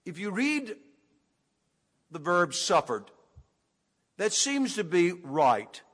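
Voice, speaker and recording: Deliberate high-voiced preacher in echoey hall. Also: male voice, sing-song, a bit bright, slightly rough. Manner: deliberate teaching tone, emphatic on key words. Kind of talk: expository sermon. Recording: echoey hall with long reverb.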